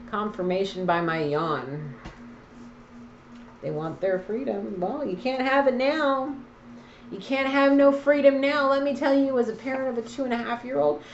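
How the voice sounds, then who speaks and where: A woman's voice: on the high side, darkish tone, slight background noise. A woman in an echoey room gives a casual card reading, talking straight at the listener. She is blunt and preachy with a teasing streak. The sound is slightly dull and a little muffled. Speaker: tarot card reader.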